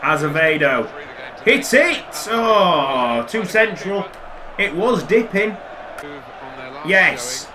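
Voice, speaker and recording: High-pitched excitable gaming commentator, man. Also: extremely slow, pauses often. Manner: excitable, swears and shouts at near misses. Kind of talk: casual gameplay commentary. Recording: crowd noise from game audio.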